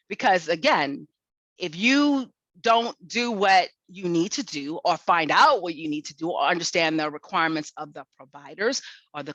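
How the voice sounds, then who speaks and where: A woman's voice: fairly low pitch, no echo, rough recording. A woman giving a seminar lecture, telling workplace stories and acting out the quoted conversations. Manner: lively storytelling, acts out quoted exchanges.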